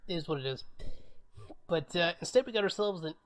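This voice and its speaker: A man's voice: high voice, expressive, a little fast, crowd noise. A man co-hosting a podcast, chatting casually about films and thinking aloud with fillers. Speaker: podcast co-host. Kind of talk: casual film review chat.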